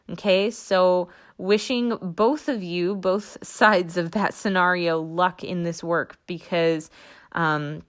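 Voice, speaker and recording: A woman's voice: lowish voice, fairly bright tone. A young adult woman hosting a podcast, teaching energy work in a soothing, reassuring way with light laughs. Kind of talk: casual spoken podcast teaching.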